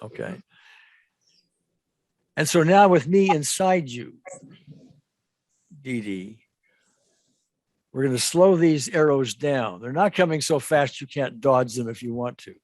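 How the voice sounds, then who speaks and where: A man working as an EFT practitioner, talking a client through a guided imagery exercise with slow, gentle, repetitive coaching. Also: medium pitch, expressive, dry recording. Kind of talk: guided imagery therapy session.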